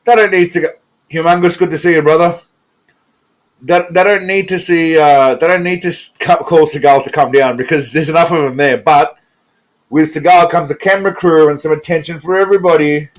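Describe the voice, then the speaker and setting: A man's voice: on the high side, fairly even intonation, brisk. A man hosting a reaction video, giving loose casual commentary and swearing as he wanders off on tangents. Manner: rambling, profane, chuckling, goes off on tangents. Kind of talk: casual commentary over clips.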